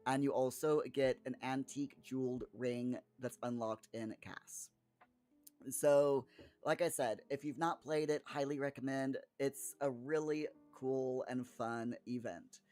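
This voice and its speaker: A man's voice: mid-range voice, steady tone, unhurried, darkish tone, faint music behind. A man in casual chat, answering viewers by name in a rambling way with frequent restarts and chuckles. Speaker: streamer reading chat.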